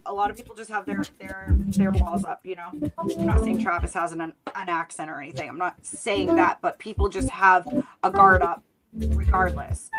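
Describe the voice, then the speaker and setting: A woman hosting a live stream, chatting casually and rambling with fillers and restarts. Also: mid-range voice. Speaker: host of a live sales call stream. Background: faint music.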